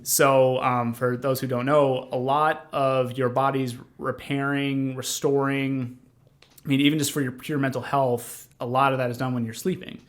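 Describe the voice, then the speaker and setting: As a podcast guest, a young man tells his own story conversationally, his medium-pitched voice flat and level at a moderate pace. He's earnest but rambling, stumbling through fillers and restarts.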